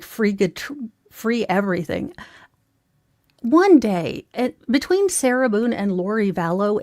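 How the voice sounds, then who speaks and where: A woman's voice: medium pitch, a little mellow, no echo, studio quality. A woman giving casual, sarcastic commentary on a trial, talking straight to her viewers in a mocking, rambling way full of asides. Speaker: true crime commentator.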